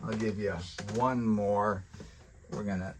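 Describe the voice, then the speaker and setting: A reptile breeder and channel host, his voice on the low side, speaks slowly with fairly even intonation, and there's a little hiss or hum. He vlogs casually indoors on a handheld camera mic while handling snakes, chatty, with occasional soft murmurs to the animals.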